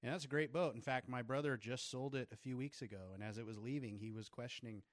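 Man, medium pitch, easygoing chat, dry close sound. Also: fast, no echo. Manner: easygoing, short reactions. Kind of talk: casual chat.

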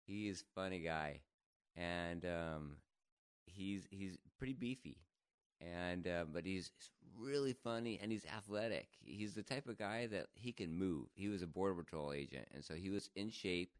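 Deep-voiced man telling a funny story. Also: normal speed, clean tone, dry recording, clean studio sound. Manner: animated, laughs often, jumps to higher pitch for quoted voices. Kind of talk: casual storytelling chat.

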